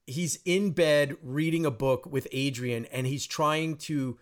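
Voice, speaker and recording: A man's voice: on the high side, slow. A man hosting a casual podcast, talking through a film in a rambling, self-deprecating way. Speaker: podcast host.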